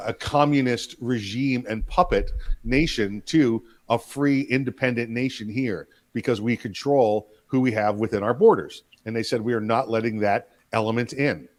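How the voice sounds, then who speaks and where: A man co-hosting a political talk show, chatty and jokey, often trailing into fillers. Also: mid-range voice. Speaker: co-host.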